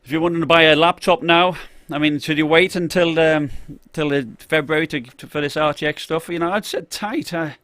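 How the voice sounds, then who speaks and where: A man's voice: fairly high pitch, steady tone, a little fast, few pauses, a bit bright, no room sound. A man chatting on a live stream about tech, rambling with lots of fillers and restarts, and greeting viewers from the chat.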